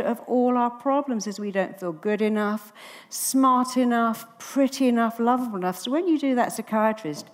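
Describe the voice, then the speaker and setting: A woman's voice: fairly high pitch, moderate pace, long reverb tail. Woman telling a story on stage. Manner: animated storyteller, acting out quoted dialogue. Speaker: therapist giving a talk.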